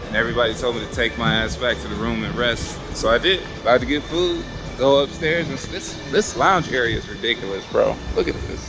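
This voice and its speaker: Male vlogger, relaxed chatty delivery, music clearly behind. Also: medium pitch, fairly quick, hardly any pauses, low-quality recording. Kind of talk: casual travel vlog.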